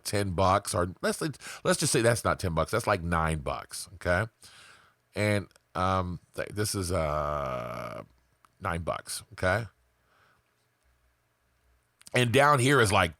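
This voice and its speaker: A man's voice: on the low side, a bit bright, no echo, clean studio sound. A man vlogging to his viewers in a casual motivational rant, emphatic and profane, peppered with "man" and "right". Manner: fillers like "man" and "right", rambling.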